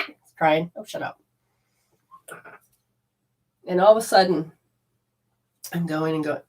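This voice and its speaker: A woman, a spiritual teacher, telling a personal story in a lively way, acting out her own lines and swinging from loud outbursts to soft murmurs. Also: fairly low pitch, takes it slowly, long pauses. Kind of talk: storytelling talk.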